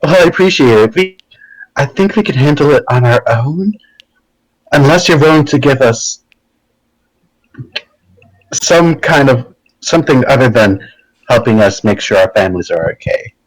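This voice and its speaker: A man playing his character in a tabletop game, halting and playful, with many restarts. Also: medium pitch, expressive, dry recording, poor audio. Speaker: player.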